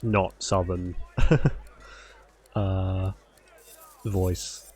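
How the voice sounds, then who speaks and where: A man's voice: low-pitched, steady tone, very slow, mellow. A man streaming a game live, chatting casually with a stuffy nose, self-deprecating and laughing often. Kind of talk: casual live gameplay commentary. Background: game music.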